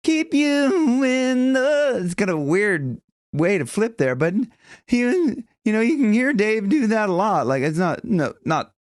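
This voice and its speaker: A man teaching a casual singing lesson, chatting loosely and breaking into high sung examples and bits of vocal fry. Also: big pitch swings, moderate pace, no echo, studio quality. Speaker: vocal coach.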